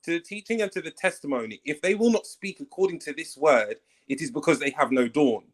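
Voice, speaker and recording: A man's voice: fairly high pitch, lively intonation, fairly quick, low-quality recording. Man reading scripture in a debate. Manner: reads scripture aloud at length. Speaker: panel debater. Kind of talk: casual online debate.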